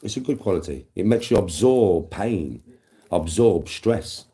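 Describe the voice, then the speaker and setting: A man's voice: sits low, expressive, a little slow, dark tone. A man livestreaming to his chat, talking intensely and emphatically with a lot of swearing.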